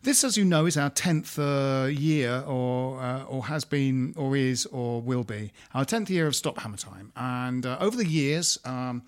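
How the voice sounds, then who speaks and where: Male host at mid pitch, rambling and jokey in casual chat. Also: expressive, unhurried, hardly any pauses. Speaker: podcast host.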